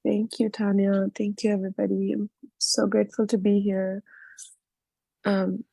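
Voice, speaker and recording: Gravelly, mellow-voiced woman sharing her story. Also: mid-range voice, flat delivery, moderate pace, dry recording. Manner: emotional, heartfelt storytelling. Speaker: book club participant. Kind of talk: personal sharing at an online book reading.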